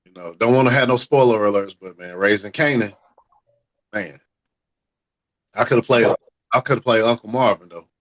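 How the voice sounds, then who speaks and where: A man's voice: fairly low pitch, moderate pace, long pauses, low-quality recording. A man hosting a casual talk podcast, rambling in an easygoing way with lots of fillers. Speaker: podcast host. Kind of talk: casual chat.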